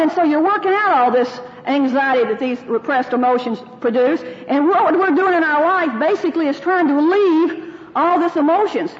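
High-voiced woman teaching in an echoey hall. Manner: folksy, personal anecdotes and quoted prayers. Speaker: women's Bible teacher. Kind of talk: teaching talk to women. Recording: dull, roomy hall sound.

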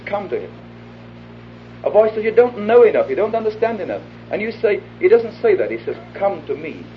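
Preaching an evangelistic sermon before a live audience in a hall, a man with a slightly high voice speaks earnestly, acts out little exchanges, and drops to a close hush for his appeal. The recording is a dull, lo-fi old tape with faint hiss.

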